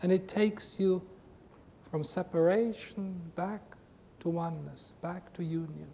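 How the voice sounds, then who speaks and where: A man giving an earnest spiritual talk to a group, with emphatic, repetitive phrasing, recorded in a reverberant hall with a faint rumble. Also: measured pace, creaky, mellow. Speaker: spiritual teacher.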